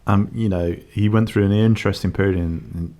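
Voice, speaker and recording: Low-voiced, easygoing man. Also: normal speed. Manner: relaxed, agreeable, frequent yeahs. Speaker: book review co-host. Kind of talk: casual chat.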